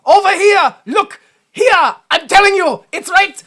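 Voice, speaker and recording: A woman voicing a frantic, excitable male villain who babbles insistently as he points things out. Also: extremely high pitch, measured pace, pitched above the performer's own voice.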